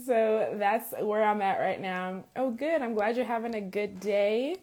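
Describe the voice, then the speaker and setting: A woman hosts a live stream in a relaxed, chatty way, her voice raspy from a sore throat. She keeps greeting viewers by name and checks in with "okay?" as she talks. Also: mid-range voice. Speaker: faith and life coach, live-stream host. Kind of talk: casual live-stream talk.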